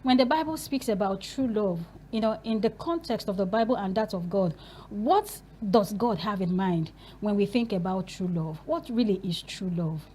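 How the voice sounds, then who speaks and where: A woman's voice: mid-range voice, moderate pace, a little mellow, a little hiss or hum. A woman hosting a Christian talk show, speaking earnestly and preaching through rhetorical questions.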